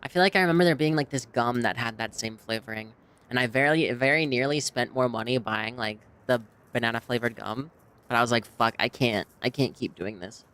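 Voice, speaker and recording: A game streamer with a mid-pitched voice chats casually between cutscenes, talking freely and swearing often. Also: brisk, fairly bright tone, smooth. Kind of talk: casual chat while gaming.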